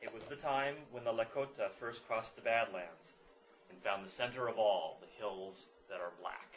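A man voicing a very old male medicine man who tells a story slowly and solemnly in a tabletop game. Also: on the low side, slight background noise, close to an everyday voice, rough recording.

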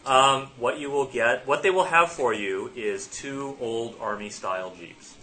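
A man's voice: mid-range voice, a little slow, bright, forceful tone, slight background noise. A man running a tabletop game as game master, improvising the scene and laughing between lines.

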